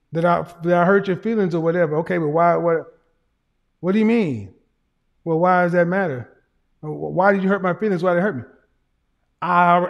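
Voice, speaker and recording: A man's voice: high-pitched, vocal fry. A man giving casual livestream commentary in a blunt, emphatic, profane lecturing manner. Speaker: streamer and commentator.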